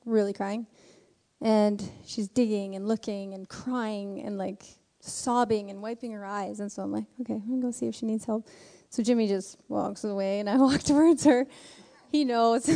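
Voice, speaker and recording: A woman speaking in a church service, telling a personal story in an animated way and acting out the voices in it. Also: medium pitch, measured pace. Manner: animated storytelling with acted quotes. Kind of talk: sermon testimony. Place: church sanctuary. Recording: reverberant church hall.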